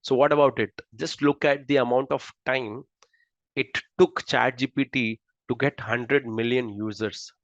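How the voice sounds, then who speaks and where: A man's voice: mid-range voice, fairly even intonation, a little slow, no room sound, lo-fi sound. Indian man lecturing, tag "right?" often. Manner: conversational, keeps asking "right?". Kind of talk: presenting a lecture with slides.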